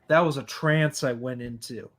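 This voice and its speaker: A man's voice: mid-range voice, normal speed. A man hosting a casual podcast chat, talking in an earnest, reflective way. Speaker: podcast host.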